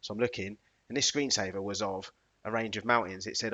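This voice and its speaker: A man co-hosting a podcast, chatting casually in animated, slangy banter. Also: lowish voice, a little fast, muffled recording. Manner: animated, slangy banter with bursts of playful singing. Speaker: podcast co-host. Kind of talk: casual chat.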